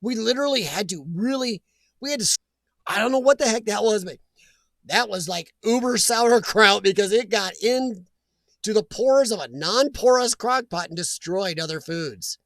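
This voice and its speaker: A man's voice: sits high, animated, moderate pace, a bit bright, dry recording, clean studio sound. An American man hosting a casual live stream chat, rambling and reading viewer comments aloud.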